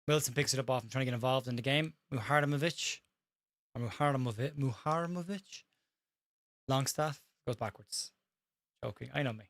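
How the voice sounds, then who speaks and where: An Irish man hosting a live watch-along, calling the match fast and tripping over players' names while reading out viewer comments. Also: mid-range voice, steady tone, creaky, a bit bright, no room sound, studio quality. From Ireland. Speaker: host.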